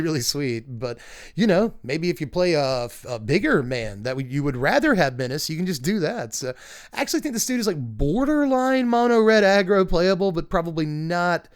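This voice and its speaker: A man's voice: a little high, smooth. A young man casually reviewing trading cards, chatty and laughing often, with lots of filler words and asides. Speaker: card game video host. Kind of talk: casual card review commentary.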